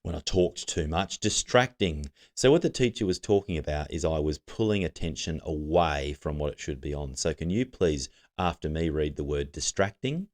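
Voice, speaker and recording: A man's voice: very deep voice, lively intonation, moderate pace, hardly any pauses, darkish tone. A man teaching a recorded literacy lesson, giving patient step-by-step instructions to students.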